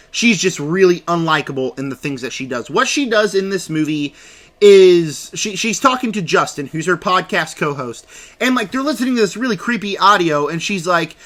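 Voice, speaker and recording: Bright, high-voiced young man reviewing movies. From United States. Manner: animated, rambling, acts out scenes in quick impressions. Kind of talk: casual movie review vlog.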